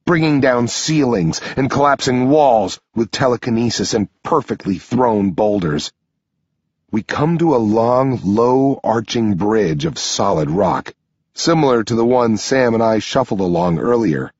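A man reading a first-person story aloud as an audiobook narrator, with a steady storytelling delivery. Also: breathy edge, no room sound, highs cut off. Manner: steady storytelling delivery, pushing up in pitch for shouted dialogue.

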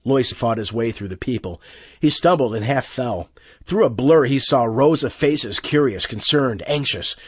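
Expressive husky male audiobook narrator. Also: medium pitch, moderate pace, dry recording, studio quality. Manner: expressive, tense storytelling.

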